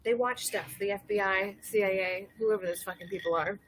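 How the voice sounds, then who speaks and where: A woman's voice: medium pitch, brisk, fairly bright tone, slight background noise. A woman in her thirties hosting a casual drinking livestream, rambling through stories, laughing and reading chat messages. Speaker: livestream host.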